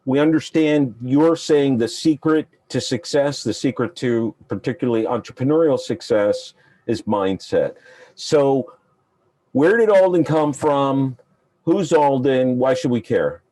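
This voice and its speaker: A man hosting an interview, with a voice of middling pitch. He teases his guest with playful, leading questions. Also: expressive, measured pace, warm tone. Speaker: interview host. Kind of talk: casual interview.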